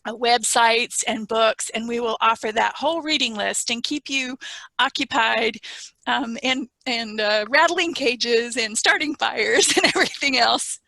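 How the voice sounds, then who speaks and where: A woman's voice: on the high side, a little slow, gravelly, sharp tone, dry recording. A woman hosting a webinar over a video call, giving thankful, emotional closing remarks and announcements. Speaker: webinar host.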